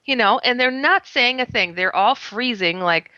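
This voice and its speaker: Give me a woman with a bright, forceful voice recounting a strange encounter in lively, expressive bursts, laughing now and then and putting on her own quoted words. The sound is a bit muffled and lo-fi, with a dry, close feel and no room around it. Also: on the high side, moderate pace, no echo. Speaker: guest. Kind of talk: animated first-person storytelling.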